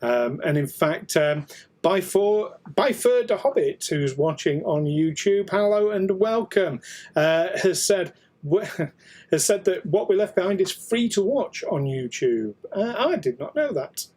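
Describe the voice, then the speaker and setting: A man's voice: sits high, lively intonation, measured pace, a little mellow. A British man co-hosting a casual podcast chat, jokey and laughing often. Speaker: co-host.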